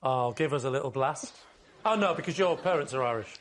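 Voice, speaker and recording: A man teasing guests and telling lively stories as a team captain on a comedy panel show. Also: mid-range voice, a little fast. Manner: teasing, animated storytelling. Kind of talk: comic panel banter. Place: TV studio before a live audience. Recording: TV studio with loud audience laughter.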